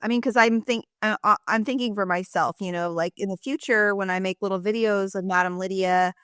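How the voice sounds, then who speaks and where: Female podcast host, middle-aged, smooth voice, eager chatty manner, dry close sound. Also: mid-range voice, steady tone, fairly bright tone, dry recording. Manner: enthusiastic, chatty, quick asides. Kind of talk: casual interview chat.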